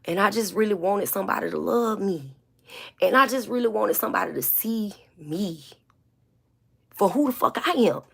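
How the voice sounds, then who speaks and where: A woman's voice: medium pitch, expressive, normal speed, gravelly, fairly bright tone, breathy edge. A woman speaking in a candid, blunt confessional monologue to her viewers, emotional and holding back tears, with many repeats and fillers. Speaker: vlogger.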